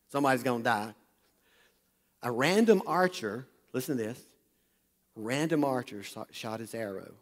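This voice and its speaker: A man preaching a sermon, retelling a Bible story with animated energy and calling on the congregation to listen up. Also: mid-range voice. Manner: animated, talks directly to the congregation. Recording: long hall reverb.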